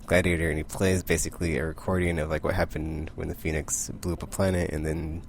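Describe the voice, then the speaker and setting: Young man with a deep, gravelly voice, rambling comic recap, faint hiss behind. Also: flat delivery, quick pace. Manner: rambling, filler-heavy retelling with quoted character lines. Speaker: comic book vlogger.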